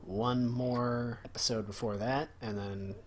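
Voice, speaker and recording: A man's voice: medium pitch, steady tone, a little slow. A young man co-hosting a podcast, animatedly retelling matches, swearing and imitating wrestlers. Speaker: podcast co-host. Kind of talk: casual chat.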